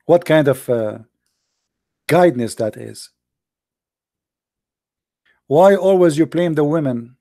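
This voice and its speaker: A man's voice: a little high, animated, slow, pauses often, warm tone, dry recording, clean studio sound. An English speaker who hosts a debate show and argues combatively and sarcastically in broken English, restarting his phrases often. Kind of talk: heated religious debate.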